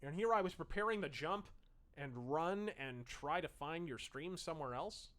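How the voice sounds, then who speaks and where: A man's voice: a little high, animated, normal speed, fairly bright tone. A man hosting a livestream, reading chat messages aloud and commenting in a snarky, profane, sarcastic way.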